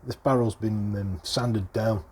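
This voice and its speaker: An unhurried middle-aged British man with a low-leaning, slightly mellow voice and fairly even intonation presents a casual hands-on repair walkthrough as an airgun hobbyist. He's chatty and explanatory, chuckling between points, and there's a little hiss or hum in the audio.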